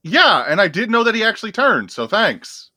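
A man's voice: high voice, very animated, normal speed, bright, forceful tone, no room sound, studio quality. A man chatting casually and enthusiastically, often laughing. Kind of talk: casual chat.

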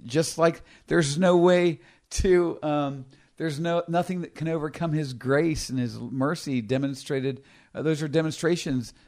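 A middle-aged man preaching a sermon, with emphatic delivery, frequent restarts, and slow, stressed readings of scripture. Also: medium pitch, darkish tone.

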